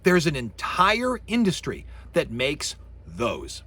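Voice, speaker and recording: Animated husky male lecturer. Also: on the high side, slow, no echo. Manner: animated, imitates sound effects with his voice. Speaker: university lecturer. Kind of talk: recorded course lecture.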